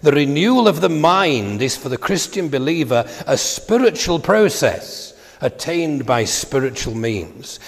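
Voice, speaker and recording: An older man delivers a sermon in a gravelly voice. He talks in a conversational way and wanders into side stories. His words ring out with a long echo in a church hall. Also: medium pitch. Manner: conversational, digressive preaching with asides. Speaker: preacher.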